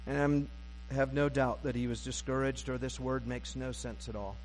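A man's voice: medium pitch, steady tone, moderate pace, darkish tone, slight background noise. A pastor preaching a sermon to his congregation, conversational and self-deprecating with wry humor, recorded in a church sanctuary. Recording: long reverb of a church sanctuary.

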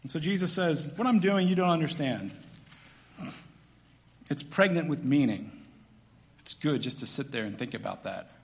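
High-voiced preacher in an echoey hall. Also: male voice, moderate pace, gravelly, long pauses. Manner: animated, swings from loud emphatic to quiet and soft. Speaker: pastor. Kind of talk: sermon. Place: church hall with long reverb.

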